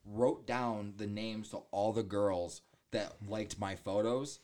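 A man telling animated stories in casual chat, mimicking voices in quotes and swearing often. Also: fairly low pitch, slow pace.

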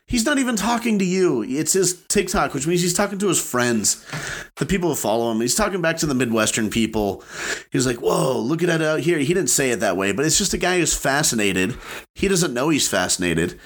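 A young man in casual chat, animated, often jumping into playful voices. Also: a little high, fairly quick.

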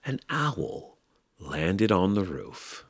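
Low husky guy reading a kids book slowly, lots of ups and downs, dry close sound. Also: dry recording. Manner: slow, expressive storytelling. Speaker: podcast host. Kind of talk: reading a children's book aloud.

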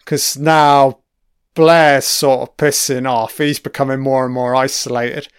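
A man's voice: medium pitch, little pitch movement, measured pace, smooth, dry recording, clean studio sound. A man giving a casual audio commentary on a film, swearing freely and rambling with trailing-off asides. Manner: profane, enthusiastic, frequent swearing.

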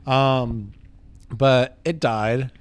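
A man's voice: medium pitch, steady tone, drawn-out words, clear, resonant tone. Laid-back young man telling stories. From Los Angeles area. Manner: rambling storyteller, laughs often, restarts. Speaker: podcast co-host. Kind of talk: casual chat.

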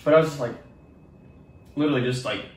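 Recorded off-mic in an echoey room with a little noise, this podcast co-host is a young man with a mid-range voice and a quick pace. His casual storytelling wanders through school memories, packed with profanity and quotes he performs.

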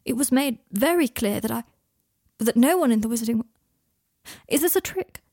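Brief: woman reader as an emotional young wizard man, gravelly and dry. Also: fairly high pitch, lively intonation, moderate pace, darkish tone, no room sound. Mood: anxious.

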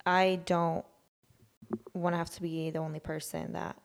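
Gravelly woman in relaxed chat. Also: lowish voice, unhurried. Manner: reflective, heavy use of fillers like "like" and "you know". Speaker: podcast co-host. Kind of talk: casual chat.

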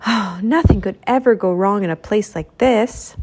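Mickey, a woman doing a bright cheerful mouse. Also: moderate pace, slightly rough, lightly acted. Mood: eager. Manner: eager, friendly, raised pitch. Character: cheerful kind young male mouse.

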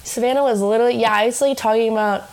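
A woman's voice: a little high, steady tone, racing, darkish tone, poor audio. A young American woman hosting a casual podcast, giggly and swearing freely. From United States. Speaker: podcast host. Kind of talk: casual chat.

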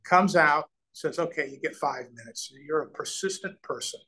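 In a low-quality recording, a middle-aged Nebraska man with a fairly high pitch speaks at a moderate pace. He's a real estate developer guesting in a conversational interview, animatedly telling business stories, voicing the people he quotes, and restarting often.

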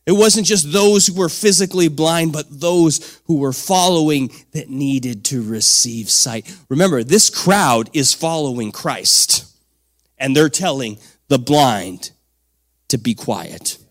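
Dynamic male preacher, mid-high voice. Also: animated, slow. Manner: dynamic, swings from soft to shouting; conversational, with fillers and "come on". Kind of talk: sermon.

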